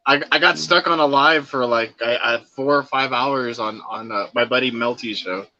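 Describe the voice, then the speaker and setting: A man's voice: mid-range voice, moderate pace, sharp tone, dull audio. A man chatting casually on a livestream, telling long rambling stories and swearing freely. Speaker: livestream co-host. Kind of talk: casual chat.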